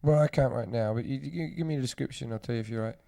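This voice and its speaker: A man co-hosting a casual podcast, cutting in with quick teasing jokes and his own anecdotes. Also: mid-range voice, creaky, warm tone. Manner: teasing, quick joking interjections. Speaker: podcast co-host.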